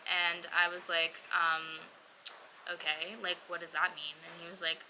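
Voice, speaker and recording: A woman's voice: fairly low pitch, moderate pace, pushed and bright, a little hiss or hum, poor audio. A young woman casually telling her own story, chatty and blunt, swearing freely and acting out what others said. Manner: chatty, swearing, lots of "like" fillers, mimics others in quotes.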